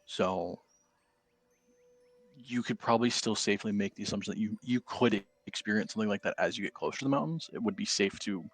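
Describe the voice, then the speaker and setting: A man acting as game master for a tabletop role-playing game, explaining things to the players in a measured, hedging way. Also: lowish voice.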